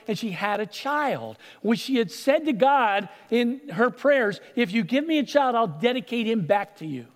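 A man preaching a sermon, retelling stories with animated delivery and acted-out voices. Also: high-pitched, long reverb tail. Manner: animated storytelling, acts out voices. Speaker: pastor.

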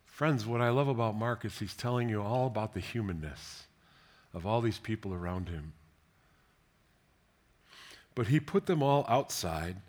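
A man delivers a sermon at a medium pitch, reading scripture aloud and reflecting on it. He shifts between gentle tenderness, softly whispered passages, and lively, emphatic questions.

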